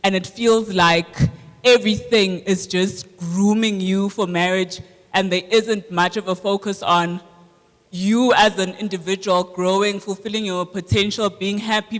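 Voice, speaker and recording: A man's voice: high voice, fairly bright tone. A man in the audience asking the pastor a question at a live congress, polite and hesitant as he searches for words. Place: large congress hall. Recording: long hall reverb from a live congress.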